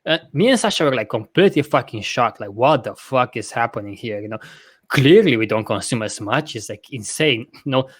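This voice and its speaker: Rambling, profane podcast host. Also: male voice, medium pitch, dry recording. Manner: rambling, profane, self-correcting; laughs often. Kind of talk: casual podcast chat.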